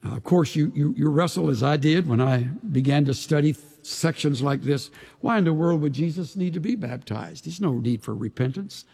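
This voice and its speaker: A pastor preaching a sermon to his congregation, dramatic and emphatic, sometimes dropping to a hushed voice. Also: fairly high pitch, normal speed, gravelly, few pauses, breathy edge. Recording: long reverb of a large hall.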